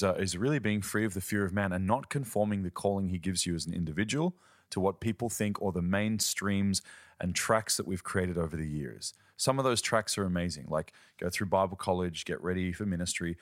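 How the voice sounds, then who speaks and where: Deep-ish guy ministry guest, earnest storytelling, dry close mic. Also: brisk, no echo. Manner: earnest, storytelling, uses quoted voices. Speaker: ministry leader, podcast guest. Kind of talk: conversational teaching.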